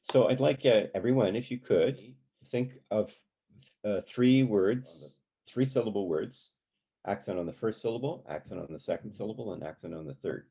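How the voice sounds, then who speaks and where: A man leading a community songwriting workshop, talking in a relaxed, halting way with many ums and sung examples. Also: lowish voice, vocal fry, husky, dull audio. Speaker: songwriting teacher.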